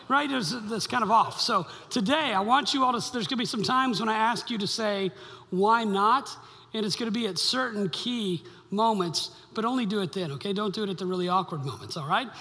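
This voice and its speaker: A man preaches in a church sanctuary, keeping it chatty and joking with the congregation. His voice sits high for a man and rings bright. A long hall reverb trails behind every line. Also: brisk. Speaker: pastor. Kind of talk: sermon.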